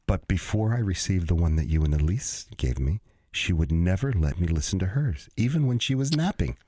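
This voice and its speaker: A man's voice: deep voice, very animated, a little fast, warm tone, no echo, studio quality. A man co-hosting a radio show in casual, joking banter, often stumbling and restarting his sentences. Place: radio studio.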